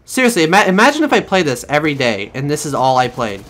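A man giving profane, excitable commentary over his own gameplay and talking to his viewers. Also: a little high, quick pace, a little hiss or hum. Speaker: gaming channel host.

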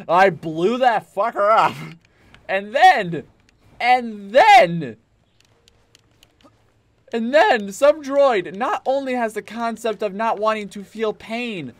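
A man's voice: high-pitched, expressive, slow pace. A man streaming a video game, giving casual commentary full of swearing and emotional outbursts.

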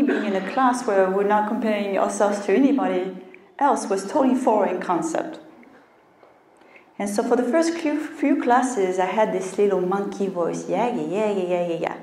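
A woman's voice: mid-range voice, darkish tone, roomy sound, distant mic. A woman health coach giving a motivational talk, telling a personal story and acting out her inner voice.

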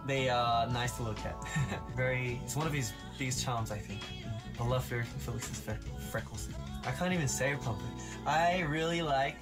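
A man's voice: medium pitch, moderate pace, over loud music. A man chatting casually in a video clip, shy and giggly, stumbling over his words.

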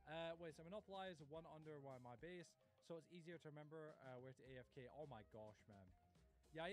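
A rapid-fire male streamer with a slightly raised voice, talking his way through a game. He is excitable and prone to panicked outbursts. Faint music plays behind him. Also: fairly high pitch. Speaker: livestream host. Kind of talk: live gameplay commentary. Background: faint background music.

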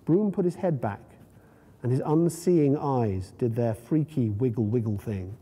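A man, the author, reading his short story aloud at a university in a measured, vivid way. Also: medium pitch, mellow, breathy edge. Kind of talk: literary reading. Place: university lecture room. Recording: long reverb in a lecture hall.

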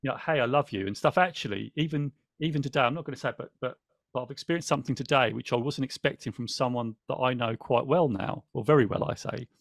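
A man hosts a podcast in a relaxed, rambling way, often restarting his sentences. His voice sits at a middling pitch, recorded close and dry with no room sound. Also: fast talker, gravelly, no room sound. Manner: chatty, rambling, restarts often, thanks viewers. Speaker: podcast host. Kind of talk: casual podcast chat, reading aloud from a book.

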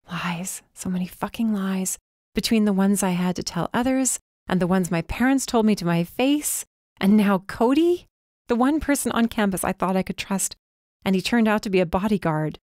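A woman's voice: medium pitch, normal speed, a little mellow, no room sound, studio quality. Woman narrating a fantasy novel. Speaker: audiobook narrator. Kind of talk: first-person novel narration.

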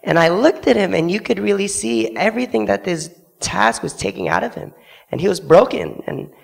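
A young man tells a church congregation his story in a fairly high voice with a gravelly edge. He speaks earnestly and acts out the people he quotes. He is recorded on a handheld microphone in a church sanctuary. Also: big pitch swings, moderate pace, long reverb tail. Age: young adult. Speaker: student literature evangelist.

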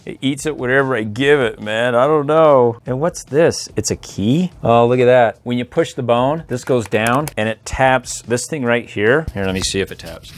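A man's voice: mid-range voice, normal speed. A man hosting a toy unboxing review, joking playfully and chuckling as he talks. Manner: playful, jokey, chuckling often.

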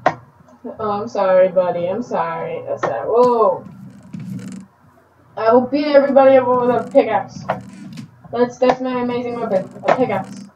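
An excitable woman calls out her game in loose, casual commentary, repeating words in quick bursts. Her voice sits a little high and comes from a step away from the mic. The recording is roomy and dull, with faint noise behind it. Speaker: gaming channel host. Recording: echoey, distant, muffled home recording.

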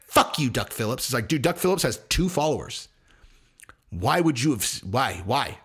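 A man's voice: mid-range voice, very animated, normal speed, a bit bright, slightly rough. A man hosting his own commentary channel, talking in a loose, profane, rambling way and acting out little voices as he goes. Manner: profane, rambling, acts out voices mid-story. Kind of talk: casual commentary monologue.

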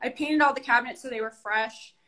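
A woman's voice: on the high side, a little fast, bright, forceful tone, low-quality recording. A woman chatting casually while showing her apartment and giving practical advice. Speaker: apartment owner giving a home tour. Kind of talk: casual chat.

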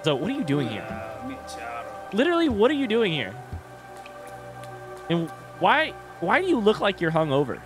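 A man hosting a gaming channel, giving excitable, swearing commentary as he plays. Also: sits high, normal speed, pauses often. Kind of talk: live gameplay commentary. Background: game music.

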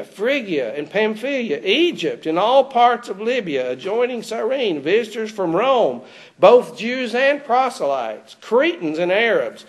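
A man preaching an expository sermon in a church, putting rhetorical questions to his congregation. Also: high voice.

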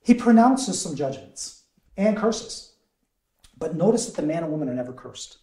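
A man in the role of a deacon, leading a conversational Bible study in an animated way, quizzing the group and chuckling often. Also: on the high side, moderate pace. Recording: echoey room.

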